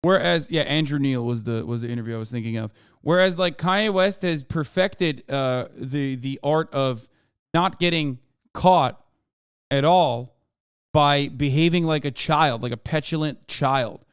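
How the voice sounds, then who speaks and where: Reacting to an interview on stream, an American man delivers casual, sarcastic commentary laced with profanity, speaking over the video. His voice is fairly high, clear, and resonant, a little slow, recorded cleanly in a studio without room sound.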